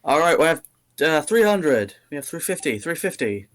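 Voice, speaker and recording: A man's voice: on the high side, big pitch swings, moderate pace, voice pushed up. A man doing a brash half-orc auctioneer. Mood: hawking. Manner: loud, hearty auctioneer patter.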